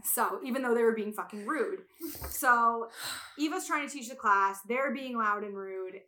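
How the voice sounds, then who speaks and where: Bright loud woman telling a story, lots of swearing, acts out the quotes. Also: fairly high pitch, normal speed. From Italian heritage. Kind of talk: casual chat.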